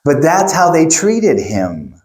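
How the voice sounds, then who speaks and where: A middle-aged male pastor preaching a sermon, telling stories in an animated way and acting out quotes. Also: fairly high pitch, takes it slowly. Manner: animated storytelling, acts out quotes. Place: church.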